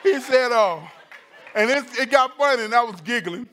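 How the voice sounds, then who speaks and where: A male preacher with a high, bright-pitched voice works through a sermon. He tells stories with laughter and acts out the quotes. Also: normal speed, a faint crowd, a little hiss or hum. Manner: animated, laughing storyteller who acts out quotes. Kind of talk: sermon with personal storytelling.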